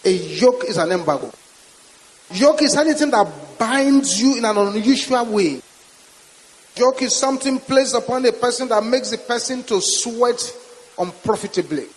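A man's voice: very high-pitched, lively intonation, moderate pace. A man with a Nigerian accent preaching a sermon as a pastor, with emphatic, repetitive declarations. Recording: reverberant hall with faint hiss.

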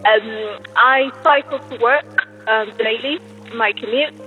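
A woman's voice: fairly high pitch, slow, dull audio, faint music behind. Chatty woman telling a story. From England. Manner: chatty storytelling with many fillers. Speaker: caller. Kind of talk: recorded voicemail to a podcast.

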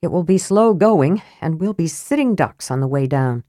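A blunt, grumbling young warrior with a plain, casual way of talking, as a woman voices him. The voice is low and unpolished, set in a dry, close audiobook recording. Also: expressive, normal speed, mellow, no room sound. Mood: gruff. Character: gruff, worried big young warrior.

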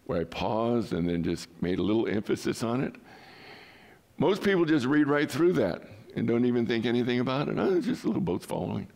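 A male pastor preaching a sermon in an emphatic way, with rhetorical questions and pauses. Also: mid-range voice, expressive, a little mellow.

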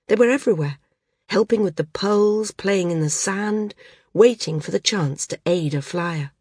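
A woman narrating a novel as an audiobook in a measured storytelling manner. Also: mid-range voice, darkish tone, slightly rough, no echo, studio quality.

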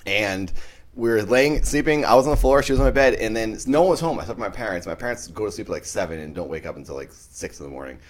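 Lively low-voiced man telling ghost stories. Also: fast. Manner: rambling, animated storytelling with many restarts. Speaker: podcast host.

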